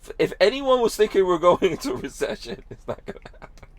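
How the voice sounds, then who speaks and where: A man's voice: sits high, sing-song, fast. A man hosting a podcast, chatting casually about the news with sarcasm and frequent laughs. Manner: sarcastic, laughing often, filler-heavy. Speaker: podcast host.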